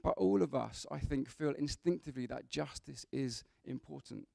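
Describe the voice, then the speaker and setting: A man preaching in a church, talking to his congregation in an easy, conversational way and dropping in humorous asides. His voice is gravelly and warm-toned, a bit higher than most men's, and the sound is dry and close. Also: moderate pace, dry recording. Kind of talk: sermon.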